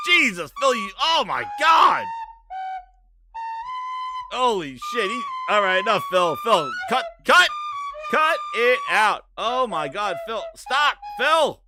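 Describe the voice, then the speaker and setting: A man streaming a loud, joking reaction to a clip, shouting and cheering. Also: very high voice, extremely slow, long pauses, music in the background. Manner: excitable, shouting, joking, mock voices.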